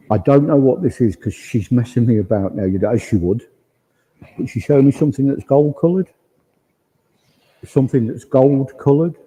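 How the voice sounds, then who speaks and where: A man's voice: medium pitch, warm tone, breathy edge, poor audio. A man working as a spiritualist medium, relaying spirit messages to the congregation in quoted speech during a service. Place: village hall.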